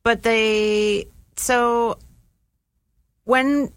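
A woman's voice: on the high side, steady tone, extremely slow, smooth, no echo. Laid-back woman telling stories. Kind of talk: casual storytelling.

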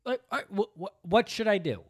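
A man's voice: sits high, sing-song, brisk, dry recording, studio quality. A man co-hosting a candid couple's podcast, easygoing and wry, often laughing as his partner talks. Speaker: podcast co-host.

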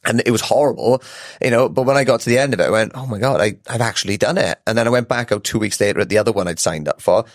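A man with a fairly low voice talks loosely in a podcast studio. He rambles through his stories, swears casually and laughs easily. The sound is close and dry. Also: rapid-fire, no echo. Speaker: podcast guest, ultra runner. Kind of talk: casual chat.

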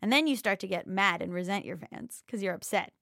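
A woman in her thirties gives a candid interview with frank, animated delivery and plenty of profanity. Her voice sits mid-range and is recorded dry and close. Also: medium pitch, a little fast, creaky, dry recording. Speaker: YouTuber interviewee.

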